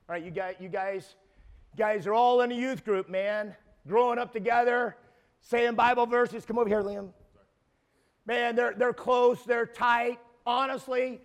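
Brief: man around 60, preacher, high-pitched, stammering repeats, builds to shouts. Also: clean tone. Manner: emphatic, repeats words, rises to shouting peaks. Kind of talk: sermon.

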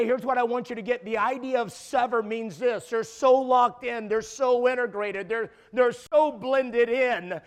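High-voiced preacher around 60, emphatic. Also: male voice. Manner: emphatic, repeats words, rises to shouting peaks. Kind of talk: sermon.

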